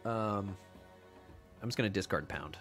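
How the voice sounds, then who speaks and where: Man, low voice, playful teasing banter, narrating his card plays, faint music behind. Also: a little slow, fairly bright tone. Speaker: podcast co-host playing a card game. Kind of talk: casual game-play banter.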